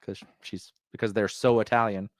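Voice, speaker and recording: A man's voice: fairly low pitch, level tone, moderate pace, dry recording, clean studio sound. A man hosting a pop-culture podcast, talking casually and rambling through fillers and restarts. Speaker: podcast host.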